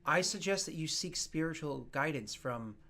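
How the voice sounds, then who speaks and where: A formal, patient church bishop from a tabletop game, as a man puts him on. He speaks in a measured, slightly halting way. His voice sits a bit high. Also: lively intonation, pushed and bright. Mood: solemn.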